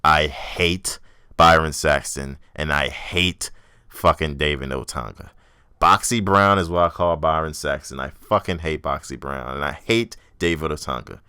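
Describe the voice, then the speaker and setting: Young male podcast host, deep clear voice, blunt and profane, rants freely; dry close mic. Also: measured pace, pushed and bright, no room sound. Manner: blunt, profane, ranting, mocks others in exaggerated voices. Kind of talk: casual solo wrestling review.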